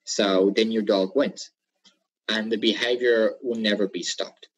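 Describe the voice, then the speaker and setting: Male trainer, husky voice, plain webinar lecture delivery. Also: on the low side, fairly even intonation, measured pace, low-quality recording. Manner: instructive, repeats key points, some fillers. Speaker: dog trainer.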